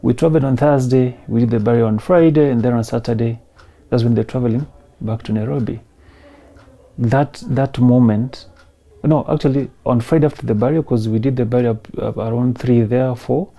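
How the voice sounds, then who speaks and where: Kenyan man, gravelly, dark voice, emotional personal story, soft-spoken. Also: medium pitch, normal speed. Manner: emotional, soft-spoken, mixing in Swahili phrases. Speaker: interview guest.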